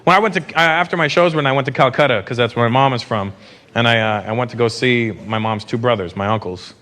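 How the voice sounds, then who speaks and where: A North American man telling stories in a stand-up routine, chatty and animated, with asides to the audience. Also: mid-range voice, fast talker. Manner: conversational, animated storytelling with asides. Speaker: stand-up comedian. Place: theater stage before a live audience. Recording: live recording with loud crowd and room noise.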